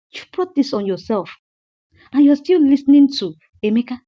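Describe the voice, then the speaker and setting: A woman's voice: on the high side, big pitch swings, a little fast, muffled recording. A woman, casually recapping a movie episode in a chatty way, repeating points and asking rhetorical questions.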